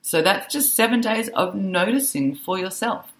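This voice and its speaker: A woman social worker and author, a guest on a podcast, telling animated stories about teaching teenagers and laughing easily. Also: medium pitch, normal speed. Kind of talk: conversational interview.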